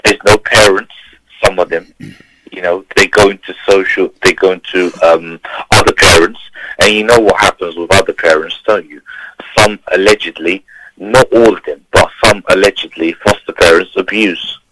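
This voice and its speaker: Deep-voiced guy calling in to a radio show, ranting hard and repeating his points. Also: fairly even intonation, moderate pace, a bit bright, rough recording. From Turkey. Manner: emphatic, repetitive, preachy. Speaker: caller. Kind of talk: impassioned phone-in rant.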